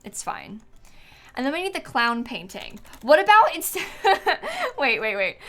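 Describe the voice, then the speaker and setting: A tired woman streamer chats casually as she builds in a game, her high, sharp voice unhurried and swinging hugely in pitch. She thinks aloud with lots of fillers, giggles often, and yawns now and then.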